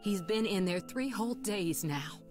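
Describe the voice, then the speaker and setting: A woman's voice: medium pitch, animated, normal speed, faint music behind, lightly acted. A woman playing a kindly, fussing older neighbour in a video game, speaking in a motherly way. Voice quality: warm, motherly.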